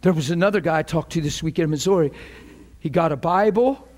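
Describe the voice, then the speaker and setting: High-voiced man preaching a storytelling sermon. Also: fast. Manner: storytelling, repeats words, builds to excited peaks. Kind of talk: informal sermon.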